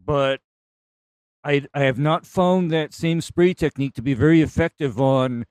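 A man co-hosting a call-in show, walking listeners through spraying methods in a measured way. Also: on the high side, a little mellow, clean tone, dry recording. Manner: measured, explains methods step by step. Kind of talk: casual technical talk.

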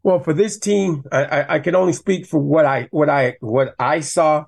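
A man, a former college running back, talking football as a guest in a passionate, animated way that rises when he gets riled up. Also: fairly high pitch, normal speed, vocal fry, slightly rough. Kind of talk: casual sports talk.

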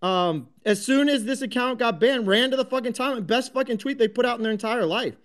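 A man's voice: very high-pitched, a little fast. A man hosting a live online audio room, ranting combatively with constant swearing and frequent restarts. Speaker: host of a crypto talk space.

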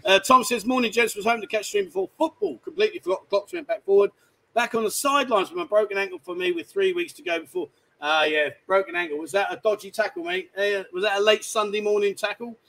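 Man, high-pitched, cheeky, rambling, bar host. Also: fast talker, a bit bright, poor audio. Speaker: livestream host. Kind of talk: casual banter. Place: bar, indoors.

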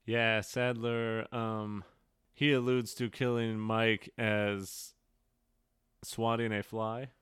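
A man co-hosting a podcast in casual chat, talking in a measured, explanatory, easygoing way on a close mic. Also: lowish voice, level tone, fairly bright tone, smooth, no echo. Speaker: podcast co-host.

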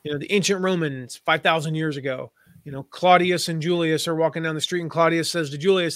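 A man appears as a guest on a conversational podcast interview as an affiliate marketing expert, explaining his ideas in a chatty, storytelling way and slipping into playful put-on voices. His voice is on the high side, steady, fairly quick, and fairly bright, recorded with clean studio sound and no echo.

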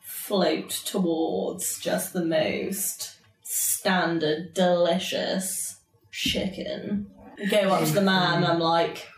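Laid-back, slow woman. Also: lowish voice, steady tone, far from the mic. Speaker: player. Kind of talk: role-playing in a tabletop game. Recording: echoey room, away from the mic.

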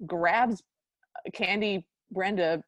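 A woman's voice: medium pitch, very slow, fairly bright tone, no echo. Woman podcast co-host, sarcastic and exasperated movie recap, dry recording. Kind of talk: casual chat recapping a movie.

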